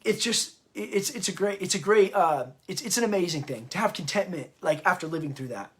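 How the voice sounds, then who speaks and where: A high-pitched man talks through history off the cuff, plainly stirred up by it. He often halts, repeats a word and starts over before pushing on with his point. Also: expressive. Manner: impassioned, stirred up; halting, often stops and restarts. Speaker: host and parenting author. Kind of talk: unscripted history talk.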